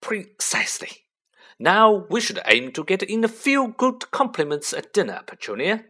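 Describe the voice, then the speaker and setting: A man voicing a blustering, bullying middle-aged man who snarls loudly and forcefully in a storybook reading. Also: high voice, very animated, moderate pace, pitched above the performer's own voice, full character voice.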